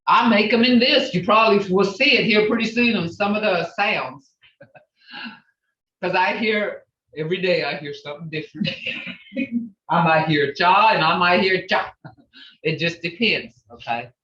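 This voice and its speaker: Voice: medium pitch, a little slow, pauses often, pushed and bright, reverberant. A teacher leading an online language class, patiently drilling words syllable by syllable and reassuring the students. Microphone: video call. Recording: dull video-call audio.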